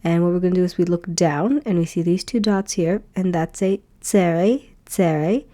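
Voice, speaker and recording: A woman with a mellow, slightly low voice talks through a beginner lesson. She is patient and repeats each sound slowly so learners can follow. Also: steady tone. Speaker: Hebrew teacher.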